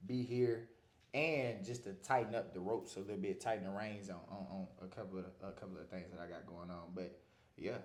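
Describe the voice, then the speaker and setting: A man, a podcast guest telling stories in a relaxed, slangy way. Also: low voice, a little fast, roomy sound. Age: 20s. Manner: laid-back, slangy storytelling. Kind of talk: casual podcast chat.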